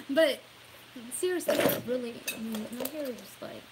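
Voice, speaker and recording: Heard through a very noisy recording, this slightly high-voiced woman is a Southern-accented political vlogger from Louisiana. In her casual opinion vlog she's sincere and a bit rambling, sprinkling in "y'all" and chuckling at herself.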